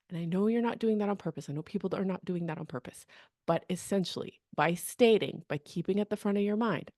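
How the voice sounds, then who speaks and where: A woman career coach talking in a podcast monologue, energetic and chatty, often asking "okay?" and "right?". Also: fairly low pitch, a little fast, no room sound, clean studio sound. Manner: energetic, chatty, acts out quoted people, frequent "okay?" and "right?".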